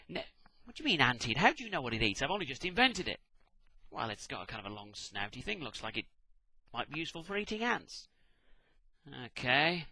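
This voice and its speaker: A man's voice: sits high, sing-song, a little fast, pushed and bright, no echo, rough recording. A British man giving a sarcastic, exasperated comic rant, swearing as he goes. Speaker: vlogger. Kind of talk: ranting comic monologue.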